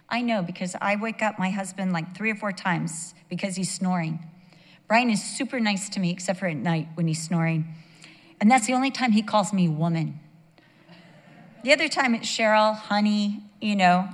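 A woman's voice: mid-range voice, long reverb tail. A woman preaching a sermon, emphatic and mixing in humorous personal asides.

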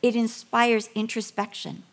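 A middle-aged woman giving a sermon, telling Bible stories with animated, acted-out dialogue. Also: a little high, a little slow. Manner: animated storytelling, acting out voices and whispers. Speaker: women's ministry speaker.

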